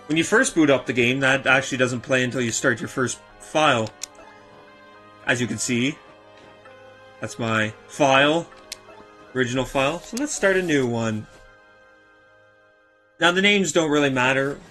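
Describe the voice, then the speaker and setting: A man's voice: medium pitch, normal speed, pauses often, pushed and bright. A man casually commenting on a game as he streams it, chatty and self-deprecating. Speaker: gaming streamer. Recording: game music behind voice.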